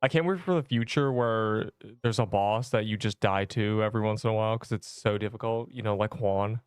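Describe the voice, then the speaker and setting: A man's voice: on the low side, brisk, clear, resonant tone, no room sound, clean studio sound. A young man chatting casually while streaming a game, joking with viewers and breaking into mock-dramatic outbursts. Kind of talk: casual livestream chat while gaming.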